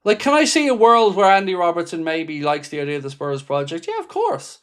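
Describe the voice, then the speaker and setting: A man with a somewhat high voice hosts a football fan livestream. He reads viewer comments aloud and answers them bluntly and with passion, swearing freely as he goes. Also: fairly quick, a bit bright, clean tone. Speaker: football fan channel host. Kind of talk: livestream reaction chat.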